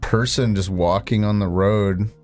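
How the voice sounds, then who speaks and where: A man's voice: lowish voice, steady tone, a little slow, a loud crowd. A man co-hosting a let's play, chatting in a laid-back way and explaining the story. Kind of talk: casual gaming banter.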